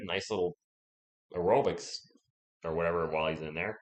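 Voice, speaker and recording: Hoarse young man calling a game live. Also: deep voice, moderate pace, long pauses, roomy sound. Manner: chatty, answers viewers, holds back from yelling. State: sore throat, sounds sick. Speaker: live stream play-by-play host. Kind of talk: casual live commentary and chat reading.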